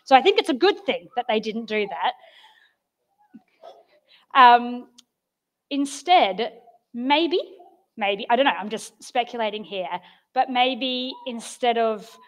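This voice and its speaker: A woman giving an informal, chatty sermon, telling stories with gentle humour. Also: on the high side, animated, measured pace. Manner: chatty and storytelling, with soft self-deprecating humour. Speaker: preacher.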